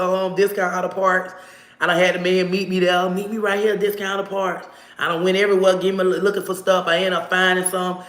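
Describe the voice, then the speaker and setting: A woman telling a story in casual, slangy speech, animated and profane, acting out the other people's voices. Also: fairly low pitch. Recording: roomy echo.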